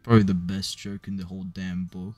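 A young man in a mock-dramatic comedy rant, sardonic and swearing, with sudden loud bursts. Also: deep voice, little pitch movement, brisk. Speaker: comedy YouTuber.

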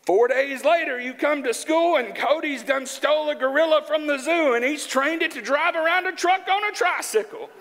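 A man from Arkansas preaching a sermon in a church, joking in a folksy, animated way. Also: very high voice, moderate pace, vocal fry, hardly any pauses. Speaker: pastor. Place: church sanctuary. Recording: church hall with long reverb.

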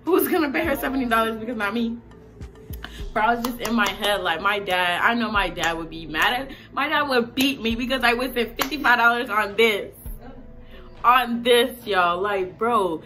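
A woman vlogger in a casual rant, animated and exasperated, talking with lots of slang. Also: fairly high pitch.

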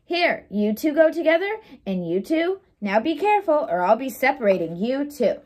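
A cheerful housekeeper from a storybook, earnest and sing-song, chirping along in a lifted, bouncy voice, as a woman reading aloud puts her on. She sounds bright and sincere, with a lilt that swoops up and down. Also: high voice, very animated, moderate pace.

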